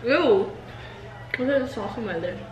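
A woman's voice: fairly high pitch, animated, echoey room, dull audio, a little hiss or hum. A woman joining her sister for an eating video at home, making playful comebacks between bites. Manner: playful, quick comebacks, self-promoting. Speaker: guest, the host's sister. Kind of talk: casual mukbang chat. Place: family home during a meal.

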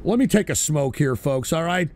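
A man hosting a livestream show, ranting with constant swearing, shouting at trolls, and tacking "all right?" onto his sentences. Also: on the high side, expressive, moderate pace. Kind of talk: profane livestream rant.

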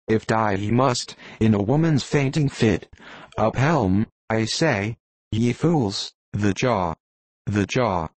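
A man's voice: mid-range voice, a little mellow, no room sound. A man voicing a frightened, dutiful first mate in an audiobook, with urgent, pleading outcries. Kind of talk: audiobook reading.

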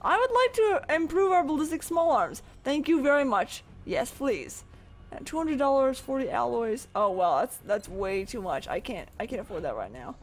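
A man's voice: very high-pitched, expressive, moderate pace. A man casually commenting on his video game play, chatty and swearing freely as he reacts aloud. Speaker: let's play gamer.

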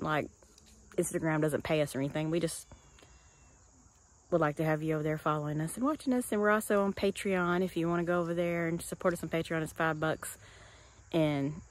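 Chatty Southern woman vlogging outdoors. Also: on the low side. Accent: Southern American. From West Tennessee, USA. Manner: rambling, chatty, trails off and restarts mid-thought. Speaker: family vlogger. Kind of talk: casual chat to camera. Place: outdoors in a home yard. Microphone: handheld camera.

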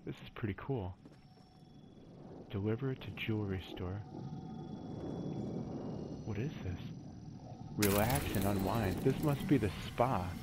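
Low-voiced man chatting through a solo game. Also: takes it slowly, long pauses, heavy background noise. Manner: chatty, easygoing, cracks corny jokes. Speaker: gaming channel host. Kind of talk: solo gameplay commentary.

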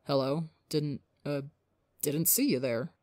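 A woman voicing a shy, anxious young alien man who speaks softly and hesitantly. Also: low-pitched, slow pace, no echo, studio quality. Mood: awkward. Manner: soft, hesitant and stammering.

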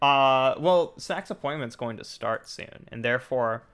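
A young man streaming a game live, chatting casually, jokey and excitable, his voice jumping up when he gets indignant. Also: medium pitch, a little slow, clear, resonant tone, soft background music. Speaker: VTuber streamer. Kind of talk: casual livestream chat.

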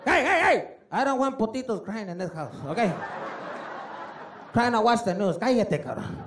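A man's voice: high voice, expressive, normal speed. A man voicing his short-tempered Mexican immigrant father, who mixes Spanish curses into broken English with a Mexican accent. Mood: scolding. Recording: live stage mic with crowd and noise.

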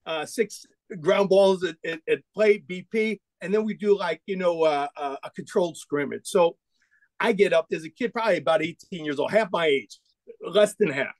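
Male podcast guest in his forties, raised voice, dry close sound, lively storyteller. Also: high-pitched, normal speed, no echo. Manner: animated storyteller, acts out quoted dialogue. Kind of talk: casual storytelling interview.

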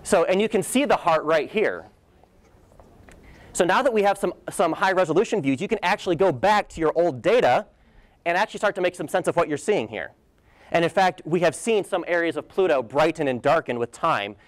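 A man's voice: a little high, animated, fairly quick, no echo. A young man giving a guest lecture with slides, enthusiastic and casual, with playful asides and a few fillers. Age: young adult. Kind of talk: presentation talk with slides. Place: lecture hall.

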